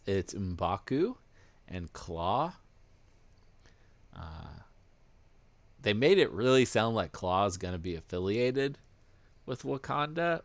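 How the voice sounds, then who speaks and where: A man's voice: low-pitched, no room sound. A man hosting a podcast, running through news in casual chat, explaining things hesitantly with plenty of fillers. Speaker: podcast host presenting news.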